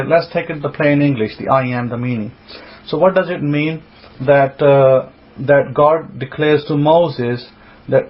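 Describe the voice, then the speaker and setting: Guy teaching from the bible, mid-pitched voice, reads verses then explains, kinda dull lo-fi audio. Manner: reads verses aloud and explains them, thinking aloud. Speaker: rabbi. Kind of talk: scripture teaching.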